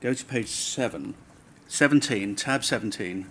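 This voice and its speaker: Low-voiced man pressing a witness. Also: measured pace, noisy background. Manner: pointed, pressing questions. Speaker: inquiry counsel. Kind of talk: formal questioning of a witness.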